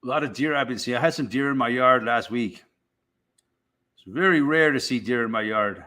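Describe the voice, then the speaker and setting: A man's voice: mid-range voice, normal speed, sharp tone. A middle-aged man hosting a casual live stream, rambling and swearing in a laid-back way.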